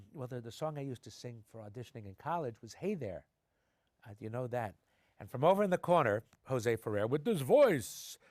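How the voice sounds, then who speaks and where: Middle-aged man telling lively anecdotes. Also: mid-range voice, no echo, clean studio sound. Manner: animated anecdotes, acting out quoted voices. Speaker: actor, interview guest. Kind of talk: conversational storytelling. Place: television studio.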